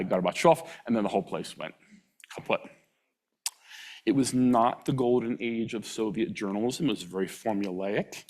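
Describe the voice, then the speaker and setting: A middle-aged man giving a public lecture, telling humorous anecdotes, chuckling and acting out quoted voices with sudden jumps in pitch. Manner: draws out foreign words slowly for the audience to repeat.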